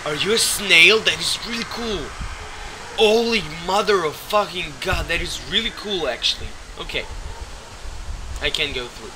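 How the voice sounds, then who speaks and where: A man with a hoarse, sick voice doing casual gameplay commentary, excitable and swearing as he talks to things in the game. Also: high-pitched, moderate pace, noisy background. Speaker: let's play gamer. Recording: game music behind voice. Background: game music.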